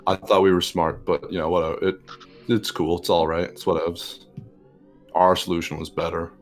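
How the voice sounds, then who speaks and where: Chill low-voiced guy mumbling thru a let's play, faint game music behind. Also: little pitch movement, moderate pace. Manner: mumbling, laid-back, trails off in fillers. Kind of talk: casual gaming chat.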